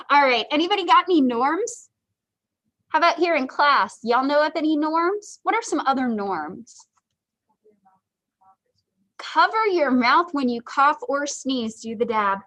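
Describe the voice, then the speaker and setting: Chatty high-voiced woman lecturing. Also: expressive, slow pace, long pauses, a bit bright, poor audio. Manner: chatty, joking asides, lots of ums. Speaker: psychology instructor. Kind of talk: casual livestream lecture.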